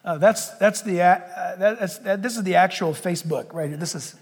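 A male pastor preaching a sermon in an animated way, acting out scenes and laughing often. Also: high-pitched, normal speed, long reverb tail.

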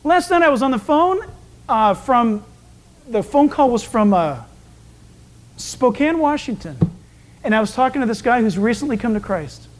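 A male pastor delivers an expository sermon with animated, emphatic energy. His voice sits high for a man. He often breaks into acted-out voices for the people in his stories. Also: normal speed, pauses often. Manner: animated, emphatic storytelling that acts out quoted voices.

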